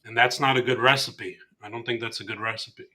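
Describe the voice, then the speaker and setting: Bright-toned man explaining market charts. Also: mid-range voice, steady tone, fairly quick. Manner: explanatory, hedging with "I mean" and "like". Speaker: co-host of a trading show. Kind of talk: casual market chat.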